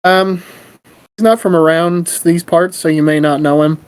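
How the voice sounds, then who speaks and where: A player speaking in character in a halting, hesitant way during a tabletop game. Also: medium pitch, steady tone, smooth, low-quality recording. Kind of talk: tabletop role-play.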